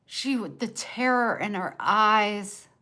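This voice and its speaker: A woman's voice: medium pitch, slow pace, sharp tone. A woman livestreaming from home, venting raw and emotional while she answers viewers by name.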